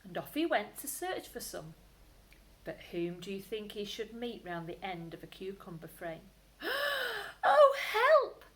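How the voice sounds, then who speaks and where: A woman, a primary school teacher, reading a bedtime story aloud to children, expressive, with whispered asides. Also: medium pitch, normal speed, poor audio.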